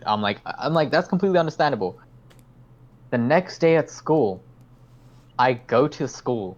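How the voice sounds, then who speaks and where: A man's voice: medium pitch, expressive, moderate pace, lo-fi sound. A young man hosting a podcast, telling a story in casual chat, rambling, swearing a lot and acting out his own lines. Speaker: podcast host.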